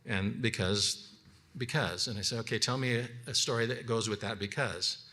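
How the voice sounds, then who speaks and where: Bright-toned man teaching biblical counseling. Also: medium pitch. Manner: conversational, acts out counseling dialogues; halting restarts and repeated words. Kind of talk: unscripted teaching session.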